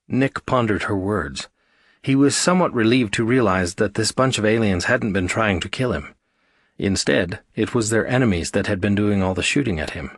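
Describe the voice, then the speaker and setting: A male narrator reads an audiobook in a steady, even storytelling manner. His voice sits slightly low, and the recording is dry and close. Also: normal speed, no echo. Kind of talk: scripted narration.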